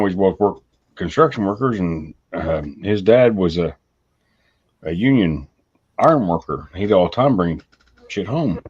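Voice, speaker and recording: A man with a husky voice swings his pitch up and down as he spins a yarn. He drawls through casual chat, and the audio is muffled and lo-fi. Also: darkish tone. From southern US. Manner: drawling storyteller, laughs at his own punchlines.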